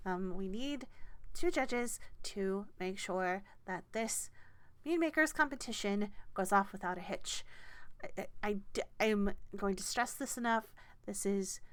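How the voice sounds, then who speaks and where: A woman narrating a tabletop game as game master, slow and hesitant with lots of fillers. Her voice is smooth and clear. She laughs along with the players. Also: medium pitch.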